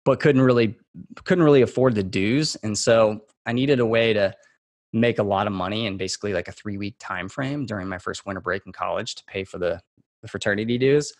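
A man from Texas, a podcast guest, telling a relaxed, rambling story full of fillers and restarts. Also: on the low side, fairly quick, no room sound. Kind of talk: casual storytelling in a podcast interview.

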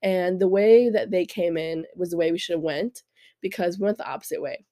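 A woman's voice: lowish voice, moderate pace, warm tone, no room sound, studio quality. A young woman with a congested, stuffy voice, hosting a podcast and telling a story in a chatty way, often restarting her sentences. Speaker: podcast host. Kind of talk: casual storytelling monologue.

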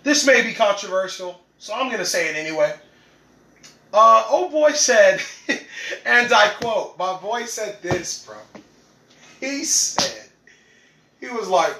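A man's voice: high-pitched, lively intonation, measured pace, long pauses, bright, forceful tone, reverberant, slight background noise, low-quality recording. A young man hosting a podcast, talking casually and animatedly, laughing often and acting out what others said. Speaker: podcast host.

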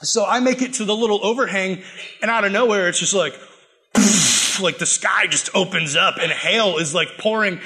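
This young man preaches to a room of students in a loose, playful way, jumping into little acted-out voices as he tells his stories. His voice sits high for a man and rings bright and forceful. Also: moderate pace. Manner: animated, joking, acts out quoted voices. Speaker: youth pastor. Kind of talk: casual sermon to students.

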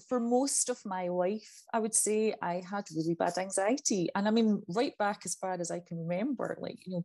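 A woman in her forties talks as a guest over a video call. She is bubbly and self-deprecating and laughs easily. Her voice sits at a middle pitch. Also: warm tone. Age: 40s. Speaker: podcast guest. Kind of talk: casual interview chat.

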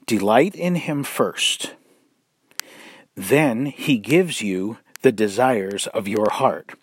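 A man preaching, blunt and mocking, with sarcastic asides, slow and deliberate, drawing out words for emphasis. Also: on the low side, breathy edge. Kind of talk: sermon-style commentary.

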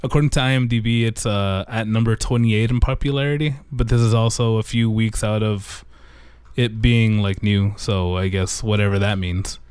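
A man's voice: on the low side, steady tone, normal speed, a little mellow, smooth, no room sound. A man co-hosting a casual podcast chat, joking and bantering. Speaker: podcast co-host.

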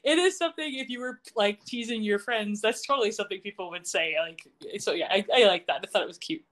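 A woman co-hosting a podcast, recapping a TV scene in casual chat, giggly and animated. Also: mid-range voice, quick pace. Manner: giggly, animated retelling with quoted voices. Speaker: podcast co-host. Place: remote recording, not with co-host.

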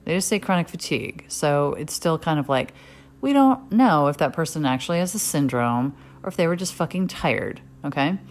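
Low-voiced woman, frank and profane. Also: animated, normal speed. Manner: frank and profane, with many fillers and restarts. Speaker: podcast host. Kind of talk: candid personal monologue.

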